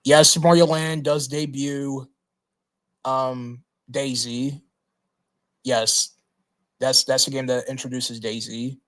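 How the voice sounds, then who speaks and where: A man at a middling pitch runs through a long list on his livestream, pausing on fillers and restarting words as he goes. His delivery is casual and unpolished, like someone talking straight into a desk microphone at home. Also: little pitch movement, a bit bright. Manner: halting, many fillers and restarts. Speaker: livestream host.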